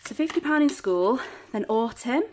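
A woman chatting casually at home as a budgeting vlogger, counting banknotes aloud in a steady patter. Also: on the high side, normal speed, a little hiss or hum. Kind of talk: casual chat while counting cash.

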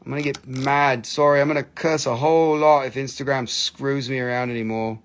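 A man hosting a live crystal sales stream from a phone, excitable, swearing freely and coaxing viewers to buy. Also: mid-range voice, fairly quick.

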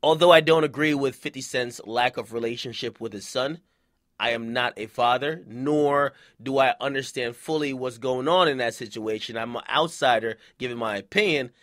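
A man's voice: mid-range voice, moderate pace, dry recording, studio quality. A young man giving a casual, profane, slang-heavy rant about celebrity gossip for his channel. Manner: animated, profane, slangy street talk. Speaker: YouTube commentator.

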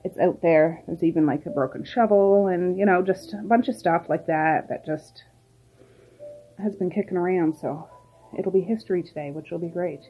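A woman's voice: lowish voice, normal speed, slightly rough, muffled recording, soft background music. A middle-aged woman chatting casually through her day in a vlog, rambling to the camera and talking to her pets and birds. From Nova Scotia, Canada. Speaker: vlogger.

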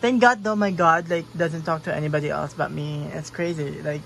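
A woman's voice: low-pitched, steady tone, a little fast, creaky, a bit bright, a little hiss or hum, low-quality recording. A young woman vlogging from her bedroom, rambling casually with lots of giggling and swearing. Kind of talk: casual rambling room tour. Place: own bedroom.

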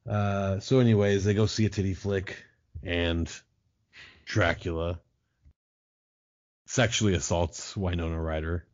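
A man's voice: low-pitched, fairly even intonation, unhurried, long pauses, a little mellow, muffled recording. A man talking as a podcast guest, riffing in a profane, sarcastic way in casual chat.

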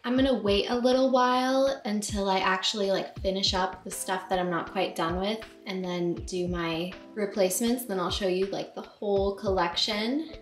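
Chatty, excitable young woman in a roomy space. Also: mid-range voice, normal speed, few pauses. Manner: chatty and excitable, filler-heavy. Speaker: beauty vlogger. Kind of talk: casual chat to camera. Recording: roomy echo with music over it. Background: background music.

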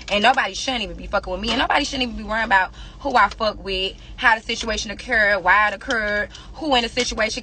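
A woman's voice: mid-range voice, sharp tone, a little hiss or hum. A young woman in an angry social media rant, defiant and profane, firing insults at her critics. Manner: rapid-fire insults directed at critics. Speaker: rapper addressing fans.

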